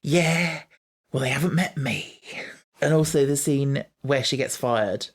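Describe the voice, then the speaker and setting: A podcast host, chatting casually about an episode, animated and quick to quote scenes. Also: medium pitch, husky. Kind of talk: casual chat reviewing an episode.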